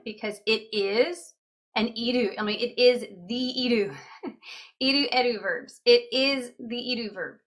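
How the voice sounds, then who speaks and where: Bright-voiced woman teaching grammar. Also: a little high. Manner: chatty, explains with examples and repeats words slowly. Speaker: language teacher. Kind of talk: explaining grammar lesson.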